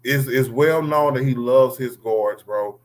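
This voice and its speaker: A man's voice: medium pitch, measured pace, low-quality recording. A man hosting a casual sports livestream, talking loosely with slang and calling on guests by name. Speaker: livestream host.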